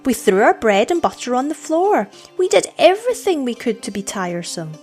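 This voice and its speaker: Pleading little children, as a woman puts them on, their voices jumping high and swinging widely from line to line. They sound breathless and eager, as if begging in a storybook reading. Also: sing-song, fairly quick, a little mellow, slightly rough, faint music behind, exaggerated voice.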